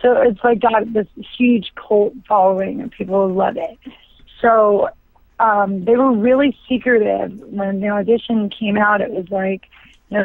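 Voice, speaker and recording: A woman in her thirties, a guest actress, telling stories in a quick, chatty way full of fillers. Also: medium pitch, steady tone, dry recording. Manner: chatty, fast, filler-heavy storytelling with frequent likes. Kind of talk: casual interview chat. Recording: dry tinny phone line.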